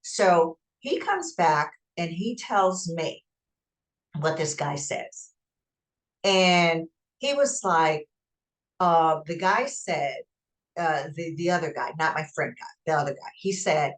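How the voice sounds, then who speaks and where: A woman with a fairly low voice hosts a podcast and tells a personal story. She speaks emphatically and acts out what people said in an animated way. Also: takes it slowly. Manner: emphatic, animated retelling with acted-out quotes. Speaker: podcast host.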